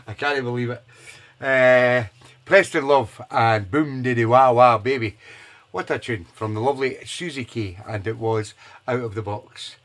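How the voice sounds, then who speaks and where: A man's voice: mid-range voice, fairly bright tone. A man, hosting a live soul radio show in a chatty, enthusiastic way with loose hesitations. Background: music playing.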